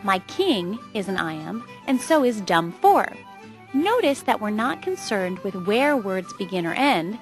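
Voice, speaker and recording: Lively female narrator over faint music. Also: medium pitch, a little slow. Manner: upbeat, explanatory. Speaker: educational video narrator. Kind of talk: scripted educational narration.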